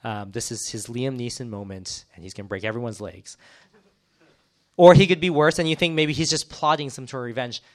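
A man teaching a bible passage casually, retelling it in an animated way with many acted quotes and fillers. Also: medium pitch, fairly quick.

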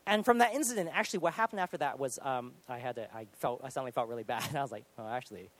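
A man in his thirties preaching a sermon, telling a personal story in an animated, self-deprecating way with sudden loud outbursts. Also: medium pitch, rapid-fire. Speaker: pastor.

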